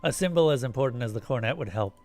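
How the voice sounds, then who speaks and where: A man's voice: medium pitch, lively intonation, quick pace, a little mellow. Man reading game text aloud. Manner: narrates descriptively, then casual asides. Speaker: streamer.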